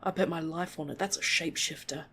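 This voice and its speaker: A reader playing a tough, plain-spoken warrior woman. She speaks low and earnest, with a folksy bluntness, in a storybook reading. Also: steady tone, fast, fairly bright tone, husky. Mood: urgent.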